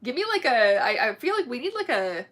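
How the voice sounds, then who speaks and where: A woman whose first language is German, hosting a casual livestream, chatting warmly with viewers, gushing and laughing often. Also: a little high, very animated, brisk. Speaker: livestream host.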